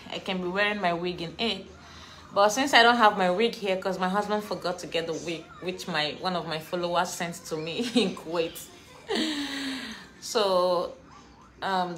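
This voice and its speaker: A woman chatting to her followers in a casual vlog, laughing often and ranting with animated energy. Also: medium pitch. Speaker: vlogger.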